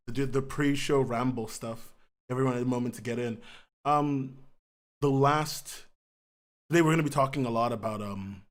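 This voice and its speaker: Brief: male livestream host, mid pitch, loose rambling chat with viewers, casual swearing. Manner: rambling, greets viewers by name, frequent laughs and restarts. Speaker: podcast host.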